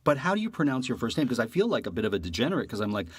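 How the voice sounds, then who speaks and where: A man co-hosting a podcast, explaining things in a measured, casual way. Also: medium pitch, very animated, slightly rough, no echo. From Canada. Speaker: podcast co-host. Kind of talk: casual comedic chat.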